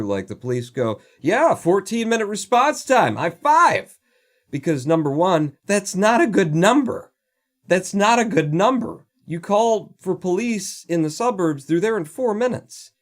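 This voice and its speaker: A man's voice: mid-range voice, darkish tone. A man hosting a casual livestream, ranting sarcastically and swearing freely as he chats. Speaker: livestream host.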